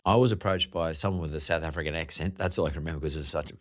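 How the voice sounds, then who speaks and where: A man's voice: very deep voice, fairly even intonation, racing. A man hosting a podcast, chatting casually with his guests, laughing and swearing offhandedly. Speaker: podcast host. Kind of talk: casual interview.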